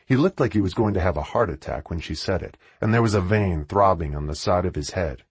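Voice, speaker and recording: A man narrating an audiobook in a low, husky voice with a lively, rising and falling delivery. He reads in a measured way, and the recording is dry and close with no room sound. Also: dry recording.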